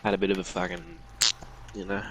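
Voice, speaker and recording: A man's voice: low-pitched, little pitch movement, quick pace, a crowd in the background, rough recording. A man in casual chat, telling a story and joking with sweary banter. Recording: loud background noise and clicks.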